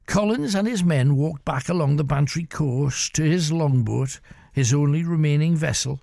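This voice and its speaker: A man telling a grisly tale in a measured, dramatic storytelling manner as the show's host. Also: on the high side, vocal fry, a little mellow, no room sound, clean studio sound.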